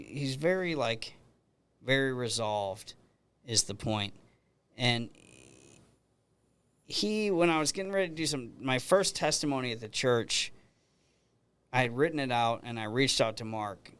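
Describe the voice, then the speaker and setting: Smooth-voiced man hosting a podcast. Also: medium pitch, a bit bright. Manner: rambling storyteller with frequent restarts. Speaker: podcast host. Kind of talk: casual conversational interview.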